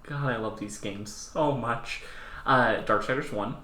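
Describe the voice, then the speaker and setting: Young male podcast co-host, animated and profane, bright voice. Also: mid-range voice, roomy sound. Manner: animated, swearing, quick quoted voices. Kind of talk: casual chat.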